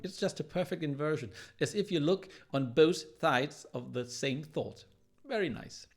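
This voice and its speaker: A man teaching classical guitar, analysing a piece in a thoughtful, explanatory way and pausing now and then to search for words. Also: a little high, expressive. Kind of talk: music analysis lesson. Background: guitar playing.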